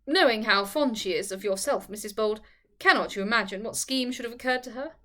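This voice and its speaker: A woman voicing Bertie, a lackadaisical, good-natured young gentleman who speaks hesitantly. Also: fairly high pitch, fairly quick. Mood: coaxing. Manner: lackadaisical, imploring.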